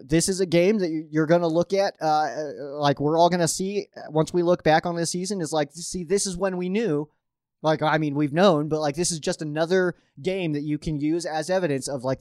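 A man talks through his football predictions in a loose, rambling way, often restarting his sentences. His voice sits a little high for a man, and his emphasis swings up and down. The recording is dry and close, with no room sound. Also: a little mellow, no echo. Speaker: sports podcast host. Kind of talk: casual football picks commentary.

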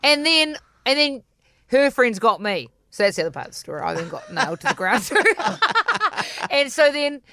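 Animated New woman host, mid-high voice, storyteller who acts out lines. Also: normal speed. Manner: lively, acts out her own quotes in a higher voice. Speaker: podcast host.

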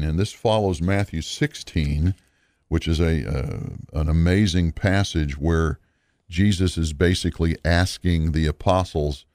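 A man teaching a recorded Bible lesson in an earnest, measured, explanatory way. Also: sits low, a little mellow, dry recording, clean studio sound.

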